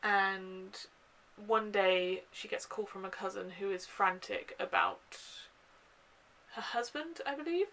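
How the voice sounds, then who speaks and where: Young woman, casual vlog chat, gushing, filler-heavy, mid pitch, faint background hiss. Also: measured pace, pushed and bright, poor audio. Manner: chatty and gushing, with frequent fillers. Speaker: book vlogger. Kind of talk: casual book haul chat.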